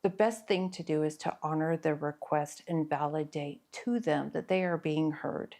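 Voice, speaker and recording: A middle-aged woman therapist speaks in a somewhat low voice. She explains parenting advice in an earnest, patient way, pausing with fillers as she thinks. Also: steady tone, dark tone. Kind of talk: educational talk to camera.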